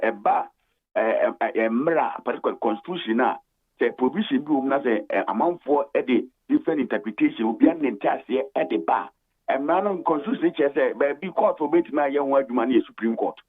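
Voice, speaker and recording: A Ghanaian man calling in to a radio talk show, speaking in a measured, hesitant way with many drawn-out fillers. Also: mid-range voice. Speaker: studio guest on the phone. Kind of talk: radio talk-show discussion mixing Twi and English. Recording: tinny phone line.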